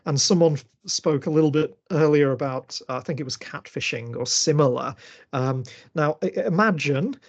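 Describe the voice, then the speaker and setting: A man lectures in an online masterclass and takes questions on a video call, working through his thoughts aloud with lots of fillers and restarts. His voice is a little high, at a moderate pace.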